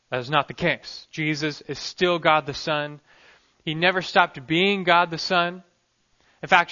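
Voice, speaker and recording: Earnest pastor guy preaching, bright punchy voice, kinda muffled recording. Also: a little high. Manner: earnest, emphatic, dynamic delivery. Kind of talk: sermon.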